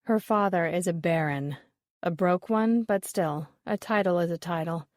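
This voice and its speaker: A woman reading the part of a dismissive, sharp-tongued woman appraiser, with a wry, offhand delivery. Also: lowish voice, normal speed, no echo, clean studio sound, lightly acted.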